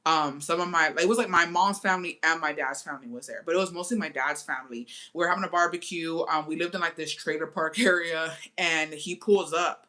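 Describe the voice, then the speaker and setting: Bright-voiced bilingual storyteller, profane and chatty. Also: mid-range voice, a little fast, few pauses. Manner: profane, switches between English and Spanish; chatty, addresses viewers directly. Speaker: storytime vlogger. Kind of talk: casual storytime.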